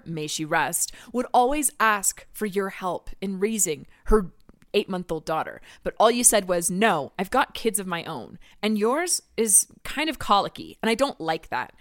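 A woman's voice: medium pitch, fairly bright tone, dry recording, clean studio sound. A woman playing a self-righteous husband who defends his wife, talking in an indignant, preachy way, in comedy improv. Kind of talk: comedy improv of social media comments.

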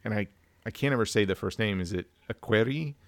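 A man's voice: on the low side, fast, no room sound. A man co-hosting a casual film review chat, telling stories and acting out family dialogue. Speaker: podcast co-host.

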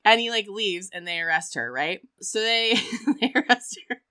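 A woman's voice: medium pitch, normal speed, smooth, no echo. A woman hosting a casual podcast, telling a story with frequent laughs and acted-out quotes. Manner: animated, laughs often, acts out quotes. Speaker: podcast host.

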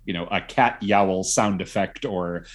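A man's voice: low voice, unhurried. Opinionated male podcast guest. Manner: opinionated, chatty. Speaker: guest film expert. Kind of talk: casual chat.

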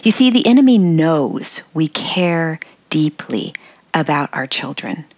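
An older woman hosting a devotional podcast, speaking earnestly and encouragingly, dropping to soft breathy tones on key words. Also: deep voice, very animated, takes it slowly, no room sound. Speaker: podcast host.

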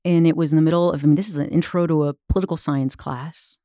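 Low-voiced woman in her thirties telling a story. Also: steady tone, quick pace, mellow, no room sound, studio quality. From United States. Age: 30s. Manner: reflective storytelling, many fillers. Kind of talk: casual chat.

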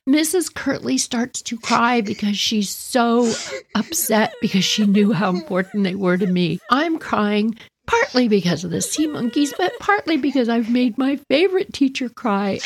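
A woman hosting a podcast, telling a childhood story in a chatty, animated way and talking straight to her listeners. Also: fairly high pitch, moderate pace, slight background noise. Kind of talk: casual storytelling.

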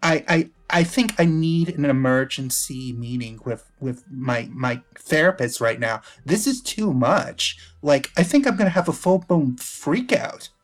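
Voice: medium pitch, sing-song, moderate pace. A player voicing a dramatic, self-absorbed teenage girl in a tabletop game, talking in valley-girl style with lots of "like" and breaking into panicked wails. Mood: distressed, gushing. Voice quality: valley-girl talk, full of "like". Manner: escalating wails, breathless hysteria. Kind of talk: tabletop role-play.

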